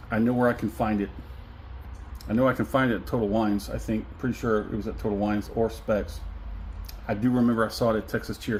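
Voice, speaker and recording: A man's voice: on the low side, a little hiss or hum, rough recording. A middle-aged man giving a casual whiskey tasting review, effusive and savoring, humming and chuckling as he talks.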